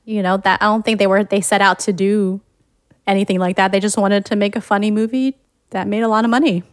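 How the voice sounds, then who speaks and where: A woman's voice: mid-range voice, steady tone, a little fast, dry recording, clean studio sound. A woman from the United States hosting a podcast, chatting casually and thinking aloud with frequent restarts. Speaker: podcast host.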